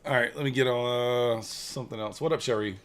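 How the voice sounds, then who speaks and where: A man's voice: mid-range voice, fairly even intonation, a little fast. Rambling man joking with his stream chat. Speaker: futures trading live streamer. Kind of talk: casual live-stream chat.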